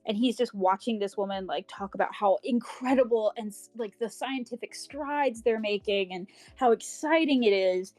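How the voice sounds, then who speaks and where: A woman's voice: on the high side, a little mellow, no room sound, faint music behind, low-quality recording. A woman co-hosting a podcast, recapping a novel in casual, rambling talk full of fillers and the odd swear word. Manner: acts out characters' lines in quick paraphrase. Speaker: podcast co-host. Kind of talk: casual book club chat.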